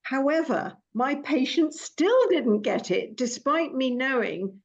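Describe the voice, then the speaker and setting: A woman's voice: high-pitched, animated, slow pace. A woman working as a dental compliance consultant, talking as a guest in a chatty way with frequent restarts and a habit of telling stories. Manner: chatty, many restarts, storytelling. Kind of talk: casual professional conversation. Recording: dull lo-fi sound.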